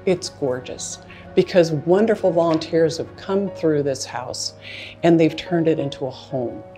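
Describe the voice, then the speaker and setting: A woman's voice: low voice, unhurried, dark tone, soft background music. A woman on a charity's staff sincerely describing its homes and hotline. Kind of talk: interview testimony.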